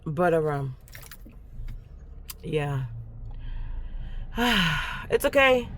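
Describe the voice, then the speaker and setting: Middle-aged woman, teacher vlog, emphatic, repeats herself, clear street and car noise behind. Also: deep voice, sing-song, very slow, a bit bright. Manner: emphatic, repeats phrases for stress. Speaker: first grade teacher. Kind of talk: casual faith-filled vlog talk.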